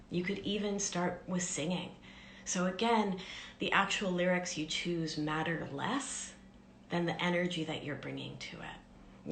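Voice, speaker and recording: A woman life coach giving a gentle, soothing teaching talk on a live stream, often dropping into soft whispers. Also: on the low side, reverberant, a little hiss or hum.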